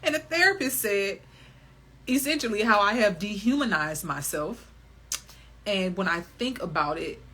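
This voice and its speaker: A woman hosting a wellness podcast, talking candidly on her own in an animated, emphatic way, swearing freely and laughing often. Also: mid-range voice, slight background noise. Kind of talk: candid solo podcast monologue.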